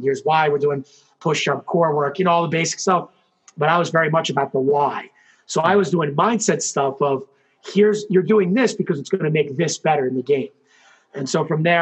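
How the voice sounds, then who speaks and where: Guy telling a story in an interview, pretty high voice, acts out all the quotes, lots of likes and you knows. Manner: animated storyteller, acts out quotes, many fillers. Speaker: guest, hockey coach and former player.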